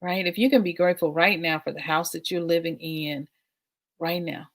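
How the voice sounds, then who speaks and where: A woman's voice: sits low, vocal fry. A middle-aged woman from the United States hosting a casual livestream, affirming and repetitive, often laughing. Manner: warm, affirming, repeats phrases, laughs often. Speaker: livestream host.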